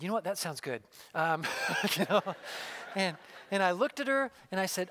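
A man preaching a sermon, earnestly telling a personal story and dropping to a hushed voice in its intimate moments. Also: high voice, expressive, moderate pace, dry recording. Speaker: pastor.

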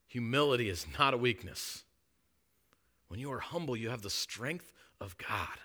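A man preaching a sermon with emphatic delivery, shifting from hushed tones to loud declarations. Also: medium pitch, lively intonation, normal speed.

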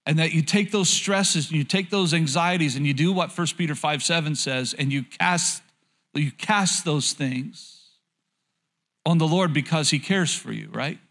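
A man with a somewhat high voice delivers a sermon in a conversational, candid tone. He often repeats phrases and throws questions out to the congregation. A light, joking manner runs through his preaching. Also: a little slow, fairly bright tone. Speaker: pastor.

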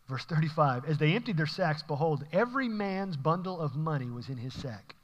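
A man's voice: fairly high pitch, expressive, fairly quick, few pauses, big-room sound, muffled recording. A man preaching, reading scripture verses aloud and explaining them in a conversational, emphatic way. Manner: conversational, emphatic, occasional laughs. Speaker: pastor.

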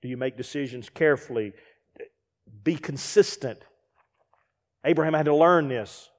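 Guest preacher, middle-aged man, high-pitched, lively delivery with mimicked voices, reverberant church hall. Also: normal speed. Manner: animated preaching with acted-out asides and rhetorical questions. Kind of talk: sermon.

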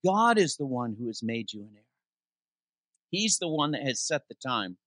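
A man preaching as interim pastor in a church, reading scripture slowly for emphasis and posing questions to the congregation before answering them himself. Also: mid-range voice, dry recording. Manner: animated preaching, reads scripture aloud with slowed emphasis. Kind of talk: sermon. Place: church sanctuary.

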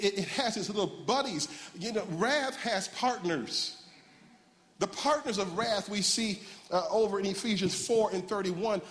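A pastor with a high-sitting voice preaches a sermon, bantering playfully with the congregation between points. His words ring out with a long reverb through a large church hall.

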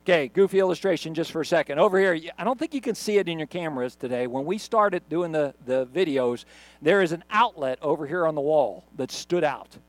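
An expressive, somewhat high male voice, moving a little fast with no room sound, belongs to a middle-aged pastor. He preaches conversationally, telling stories, in a church sermon recorded on camera for an online video.

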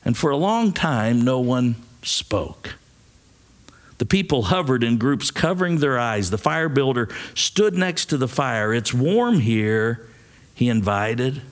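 Slow, dramatic male preacher. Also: mid-range voice, expressive. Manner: slow, dramatic, acts out quoted voices. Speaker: pastor. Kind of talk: sermon with dramatic story reading.

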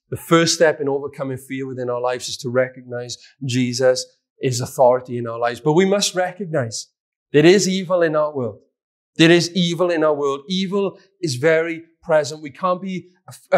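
Man preaching a sermon, voice pitched high. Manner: reads scripture aloud with rising emphasis, repeats key lines. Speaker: pastor.

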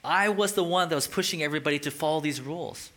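A man's voice: fairly high pitch, fast, sharp tone. A man voicing the apostle Paul as an exasperated, fiercely passionate older man speaking emphatically. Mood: earnest.

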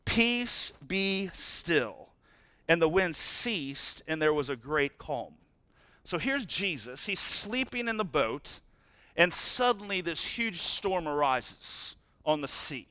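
Pastor guy preaching, high bright voice, jumps loud then goes quiet, dry sound. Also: slow pace, clean tone, no echo. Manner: animated, playful preaching with sudden loud bursts and hushed drops. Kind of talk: sermon. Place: church.

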